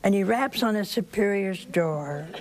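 A woman with a sore throat telling a religious story to an audience in a plain, gentle way with dry humor. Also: medium pitch, animated, a little slow, over a noisy crowd.

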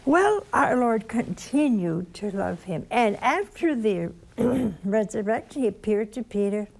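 A woman with a Southern accent preaching a sermon, telling the story slowly and animatedly, dropping at times to a soft whisper. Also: a little high, expressive, gravelly.

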